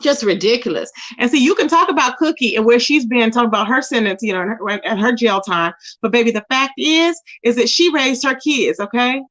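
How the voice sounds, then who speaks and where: Talking a little fast with hardly any pauses, a woman with a slightly high, fairly bright voice hosts her own commentary channel. She directly scolds and confronts someone, repeatedly naming them. The recording is dull and lo-fi.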